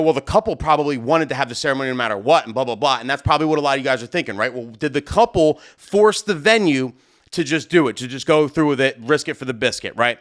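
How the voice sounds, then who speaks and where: A young man, a wedding DJ, telling a heated story in a casual vlog, loud and animated as he acts out both sides of an argument. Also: fairly high pitch.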